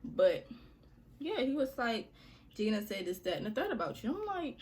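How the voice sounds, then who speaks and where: A woman's voice: mid-range voice, big pitch swings, moderate pace, noisy background. Young woman doing a storytime vlog, slangy and chatty, talks right to her viewers, medium voice. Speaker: storytime vlogger.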